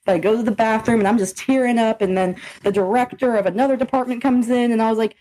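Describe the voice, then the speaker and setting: A young woman co-hosting a podcast, telling stories in a profane, animated, casual way. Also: a little high, fast, low-quality recording. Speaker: podcast co-host. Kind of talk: casual chat.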